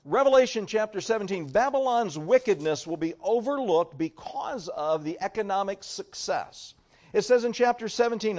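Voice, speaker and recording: A man's voice: expressive, moderate pace. Emphatic male pastor preaching a sermon. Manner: preaching with wide swings in pitch and loudness, reading scripture aloud.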